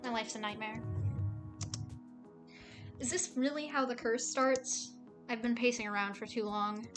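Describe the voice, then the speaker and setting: A young woman streaming a game, reading the story aloud and chatting, sarcastic and quick to swear. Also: on the high side, fairly even intonation, fairly bright tone, faint music behind.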